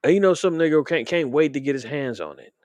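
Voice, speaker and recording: A man's voice: fairly high pitch, lively intonation, fast talker, a little mellow, dry recording. Indignant rambling man, dry close sound. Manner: loose, indignant, rambling with many fillers and restarts. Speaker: show host commentating on current events. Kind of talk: casual live-stream commentary.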